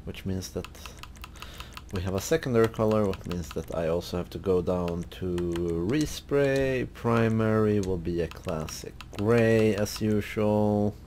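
A man hosting a gaming video, relaxed and thinking aloud as he browses car parts in casual commentary. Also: fairly low pitch, unhurried, slight background noise. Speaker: gaming channel host.

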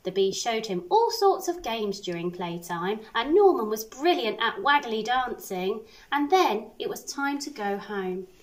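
A woman primary school teacher reading a picture book aloud to children, expressive with little asides. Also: fairly high pitch, unhurried, hardly any pauses, low-quality recording. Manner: animated, expressive storytelling with asides.

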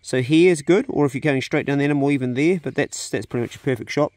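Relaxed New Zealand man on a farm. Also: medium pitch, quick pace, no room sound. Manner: relaxed, plain-spoken, chatty. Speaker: vlogger, farm owner. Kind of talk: casual narration on a farm walk. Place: rural farm outdoors.

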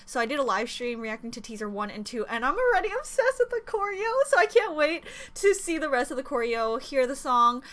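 A young woman hosting a reaction video, gushing and gasping with excited fan commentary. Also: sits high. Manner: gushing, squealing, gasping, rapid exclamations.

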